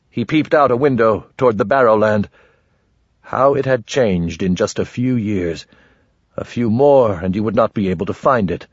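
A man narrating a fantasy novel in a measured, grave storytelling voice, on a dull lo-fi audiobook recording. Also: lowish voice, breathy edge, no echo.

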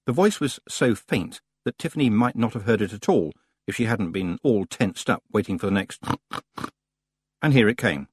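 A man reading a story aloud as an audiobook narrator, in an expressive storytelling manner, close to the mic. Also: fairly low pitch, normal speed, a little hiss or hum. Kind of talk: scripted narration.

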